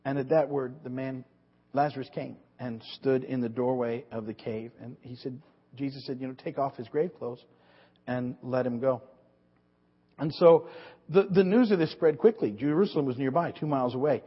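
Here a preacher speaks briskly in a medium-pitched, slightly rough voice, rambling through his sermon with repeated words and frequent restarts. The sound is dull and low-fidelity, trailing off in a long hall echo.

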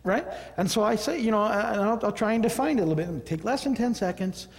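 A pastor giving a casual, rambling sermon with chuckles and acted-out snippets of everyday conversation. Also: male voice, sits high, fast talker, long reverb tail. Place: church.

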